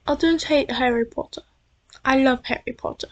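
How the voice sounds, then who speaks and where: A woman's voice: sits high, unhurried. A young American woman with a slight drifting British-sounding accent, rambling casually into her computer's built-in mic at home, chatty and self-deprecating with many restarts. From United States. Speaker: vlogger. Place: at home at night. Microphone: built-in computer microphone.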